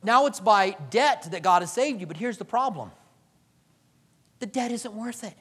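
A man preaching a sermon as pastor, animated, acting out quoted voices and swinging from loud to hushed. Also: high voice, moderate pace, slightly rough, long reverb tail.

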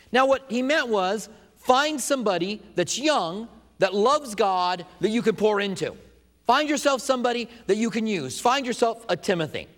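A man's voice: high-pitched, sing-song, normal speed, a bit bright, big-room sound. A man preaching a sermon as pastor, with an emphatic, repetitive cadence.

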